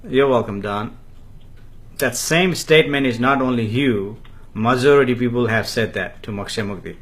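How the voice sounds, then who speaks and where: Brief: man, spiritual teacher answering viewer comments on a live stream, halting delivery full of fillers. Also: mid-range voice, animated, fairly bright tone. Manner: refers to himself in the third person, slow and halting with many fillers.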